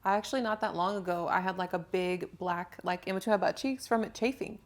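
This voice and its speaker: A woman's voice: lowish voice, brisk. Candid giggly young woman chatting. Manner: candid, giggly, animated storytelling. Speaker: podcast co-host, personal trainer. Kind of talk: casual chat.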